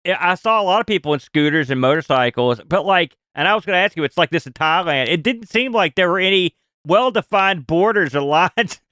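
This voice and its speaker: A man's voice: high-pitched, animated, a little fast, few pauses, bright, forceful tone, clear, resonant tone, no echo, clean studio sound. A man co-hosting a casual podcast, curious and full of questions, laughing often. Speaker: podcast co-host. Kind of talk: casual chat.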